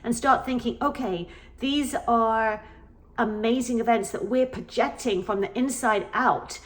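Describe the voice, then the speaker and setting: A woman's voice: fairly high pitch, unhurried. A middle-aged woman vlogger telling an earnest personal story in a casual, emphatic way, repeating phrases for emphasis. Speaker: spiritual vlogger.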